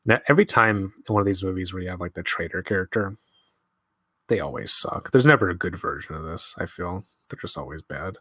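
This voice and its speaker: A man's voice: deep voice, a little fast, pushed and bright, breathy edge, no echo, studio quality. Laid-back, swearing man musing over a movie. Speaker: film commentary host. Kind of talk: casual movie commentary.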